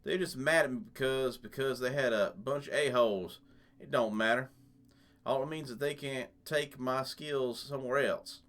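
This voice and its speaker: A man's voice: medium pitch, moderate pace, fairly bright tone, lightly acted. A man voicing a cocky male loner who calls himself a survival expert, in a put-on Southern redneck drawl. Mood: defiant. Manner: drawling, brash, defiant.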